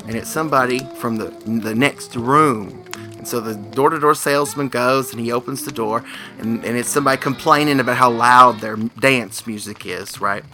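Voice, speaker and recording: Bright-voiced guy spinning a ghost story, soft music under it. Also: mid-range voice. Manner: animated, acts out the characters' voices. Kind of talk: casual spooky storytelling.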